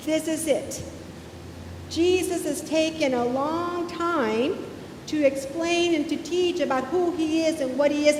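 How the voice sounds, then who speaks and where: A woman pastor giving a sermon in a church sanctuary, retelling a scripture story conversationally and acting out the quoted lines. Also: a little mellow. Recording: echoey church hall with faint rumble.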